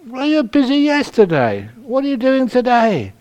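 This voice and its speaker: A man's voice: extremely high pitch, huge pitch swings, moderate pace, a little mellow, voice pushed up, heavily acted. A man voicing an impatient male caller who keeps insisting on a visit. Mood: exasperated. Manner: insistent, exasperated.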